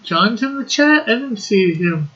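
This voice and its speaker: A man hosting a relaxed livestream on a computer mic. His voice sits a little high and sounds bright, and he talks slowly, stopping to read the chat aloud and laugh. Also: muffled recording, slight background noise. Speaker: livestream host.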